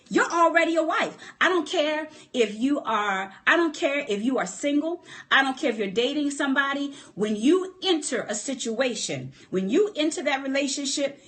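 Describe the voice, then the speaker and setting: Woman, motivational livestream talk, high voice, very animated pitch, emphatic, repeats herself. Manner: emphatic, repeats key points, calls out to listeners. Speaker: relationship speaker. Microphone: phone livestream.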